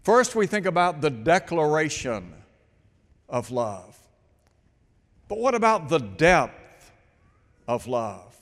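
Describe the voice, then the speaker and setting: Slow-speaking preacher man in a reverberant hall. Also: on the high side, sing-song. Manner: slow, deliberate, rhetorical questions. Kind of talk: sermon.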